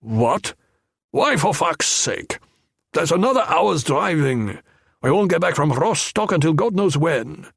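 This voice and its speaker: A man voicing an irritable, foul-mouthed scarred male gunman in an audiobook thriller, with a gruff manner. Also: on the high side, very animated, a little slow, a bit bright, dry recording, clean studio sound, pitched above the performer's own voice, heavily acted. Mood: irritated. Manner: gruff, swearing.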